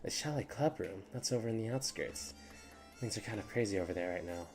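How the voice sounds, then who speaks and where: A man reading the lines of a lazy, unbothered schoolgirl on the phone in an offhand, flat way. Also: on the low side, brisk, faint music behind, natural voice.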